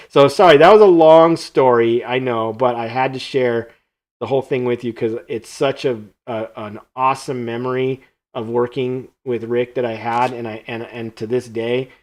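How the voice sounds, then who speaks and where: A man hosting a live stream, telling a casual anecdote from his studio and acting out the lines of the people in it. He often trails off into quiet asides. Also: mid-range voice, moderate pace. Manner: animated anecdote-telling that acts out quoted dialogue, trailing off quietly. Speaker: host and creature sculptor. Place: his own art studio.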